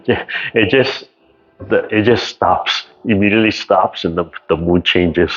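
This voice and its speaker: A low-voiced man who teaches tai chi, moving between relaxed storytelling and calm, slow exercise cues. He checks in often with the class and keeps a patient, even delivery. The audio comes through a dull, lo-fi video call. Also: slight background noise. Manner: calm, unhurried cueing with many "right?" checks.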